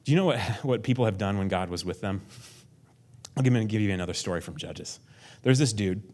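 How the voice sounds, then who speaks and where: A man's voice: fairly low pitch, lively intonation, fairly quick, a little mellow. A male pastor preaching a conversational sermon, acting out prayers in a raised voice and dropping to a near whisper for emphasis.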